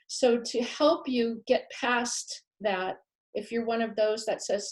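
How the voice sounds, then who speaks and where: A pet afterlife speaker with a fairly high, steady voice and a slow pace leads a live masterclass, addressing her audience earnestly. She stresses her key phrases heavily, repeating them for emphasis.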